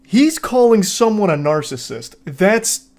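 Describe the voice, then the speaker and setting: Sarcastic man with a higher voice. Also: very animated, a little slow, a little mellow. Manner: sarcastic, exasperated, profane. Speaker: commentary host. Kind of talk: reaction commentary reading texts aloud.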